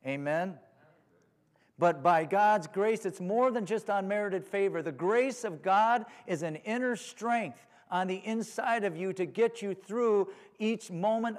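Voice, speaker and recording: A man preaching a sermon, often asking his listeners for an amen. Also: sits high. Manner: call-and-response, asks for amens. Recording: long reverb of a hall.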